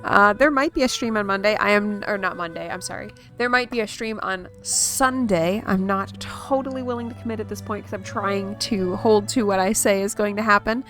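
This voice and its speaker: A woman's voice: medium pitch, normal speed, hardly any pauses, a bit bright. Woman streaming a game, chatty and playful, mid voice, game music under her. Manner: playful, musing aloud, repeating words to test them. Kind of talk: casual livestream chat over gameplay.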